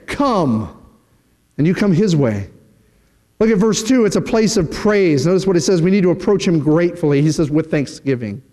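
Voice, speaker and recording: Male pastor, high voice, preaching in a reverberant church hall. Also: darkish tone. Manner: emphatic, rhetorical questions, mock quotes of worried people. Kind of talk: sermon. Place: church sanctuary.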